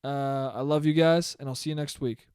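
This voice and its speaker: A man's voice: mid-range voice, steady tone, normal speed, a little mellow, clear, resonant tone, no room sound, clean studio sound, faint music behind. A man hosting his own solo podcast, talking casually in a rambling, profane, self-deprecating way. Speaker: podcast host.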